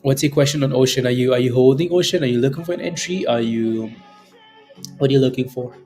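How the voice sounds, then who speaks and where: A man hosting a live trading stream, chatting casually with viewers, repeating phrases and filling gaps with ums and quick laughs. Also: medium pitch, darkish tone, faint music behind. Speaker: stock trading livestream host. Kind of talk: casual live commentary answering chat.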